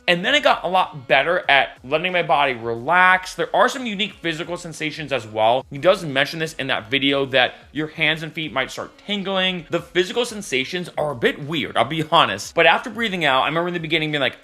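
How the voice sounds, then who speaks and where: A man's voice: on the high side, expressive, a little fast, hardly any pauses, bright, forceful tone, faint music behind. A man vlogging casually to camera, candid and chatty, with frequent asides like "right?" and "I'll be honest.". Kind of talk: casual vlog talk to camera.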